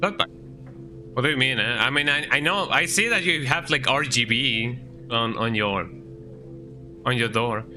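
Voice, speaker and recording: A man's voice: mid-range voice, moderate pace, pauses often, bright, forceful tone, soft background music. A man streaming a video game, chatting casually in a rambling way and tagging lines with "eh". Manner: rambling, frequent "eh" tag. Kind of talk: casual gameplay commentary.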